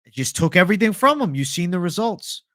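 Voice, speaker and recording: A man's voice: sits high, sing-song, fast, a bit bright, no echo, studio quality. A young man casually chatting on a livestream, swearing freely and answering viewer comments. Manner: casual, profane, reads viewer comments aloud. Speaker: livestream host.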